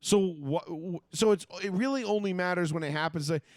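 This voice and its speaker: Sports talk co-host, male, swearing and worked up; slightly higher pitch, very dry sound. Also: brisk, no room sound. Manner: profane, ranting, animated. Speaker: podcast co-host. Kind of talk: casual sports chat.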